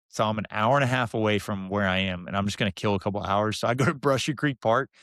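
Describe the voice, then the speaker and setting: Fast-talking young man. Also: on the low side, dry recording, clean studio sound. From Texas. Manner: animated, mimics the people in his stories. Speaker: podcast guest. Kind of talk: casual storytelling.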